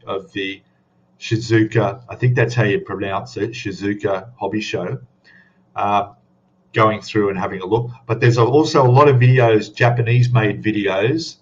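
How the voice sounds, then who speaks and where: A man's voice: fairly low pitch, lo-fi sound, slight background noise. A man hosting a casual live stream, rambling chattily and greeting viewers by name. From Australia. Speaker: livestream host.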